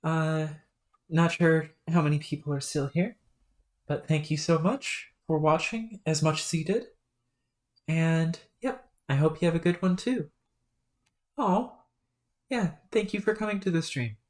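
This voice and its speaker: A woman streaming a webcomic read-aloud, talking in a relaxed, rambling way with many fillers. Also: low-pitched, measured pace, long pauses.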